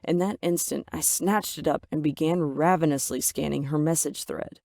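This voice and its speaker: A woman's voice: sits low, fairly even intonation, normal speed, creaky, darkish tone, no echo, studio quality. A woman reading a scripted first-person story aloud in a dramatic, emotive way. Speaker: narrator.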